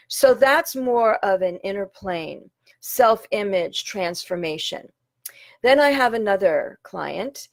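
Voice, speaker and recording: A woman speaking as a spiritual coach, earnest and measured, slowing down on key phrases. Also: mid-range voice, no echo. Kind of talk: talk to camera.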